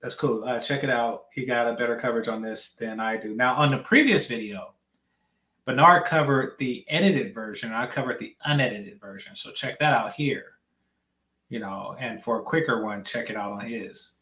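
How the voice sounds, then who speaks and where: A man's voice: medium pitch, normal speed, pushed and bright, roomy sound. A man hosting a reaction channel, giving blunt, slangy commentary on a clip.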